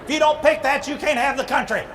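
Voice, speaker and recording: A man's voice: very high voice, fast, very noisy. A man playing a pushy old king who nags his son.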